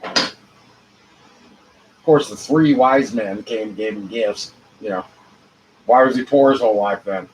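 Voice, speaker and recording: A man hosting his own show alone, rambling in a free-associating monologue with rhyming wordplay, dropping to mutters and rising to loud outbursts. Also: lowish voice, normal speed, a little hiss or hum, rough recording. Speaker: show host.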